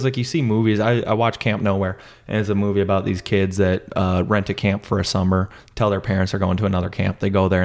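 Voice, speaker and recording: A young man chatting excitedly about a movie, acting out lines in high silly voices. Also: vocal fry. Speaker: podcast co-host reviewing a movie. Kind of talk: casual chat, retelling scenes.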